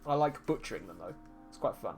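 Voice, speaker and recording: A man's voice: on the low side, lively intonation, a little fast, creaky, a little mellow, faint music behind. A man from England, chatting casually with his livestream viewers, teasing and swearing with a laugh. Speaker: streaming artist.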